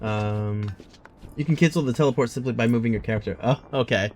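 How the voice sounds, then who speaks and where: A man's voice: medium pitch, brisk, darkish tone. A man giving casual gameplay commentary, chatting with viewers with many fillers. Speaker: game streamer.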